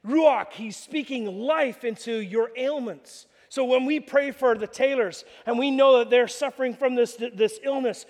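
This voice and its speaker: New pastor, very high voice, animated storytelling sermon, long hall reverb. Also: male voice, a little slow, hardly any pauses. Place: church hall.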